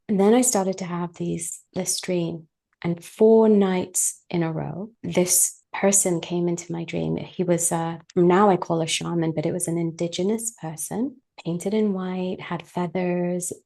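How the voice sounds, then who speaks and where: Gravelly-voiced woman telling a story. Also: mid-range voice. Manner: animated, vivid storytelling that acts out her own past words; candid and chatty, talks straight to the listeners. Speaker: podcast guest. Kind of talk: personal storytelling in an interview.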